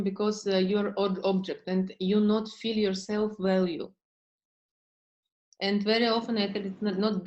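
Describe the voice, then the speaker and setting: A woman therapist coaching a client in slow, halting English with many fillers. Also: medium pitch, low-quality recording. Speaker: therapist leading a session.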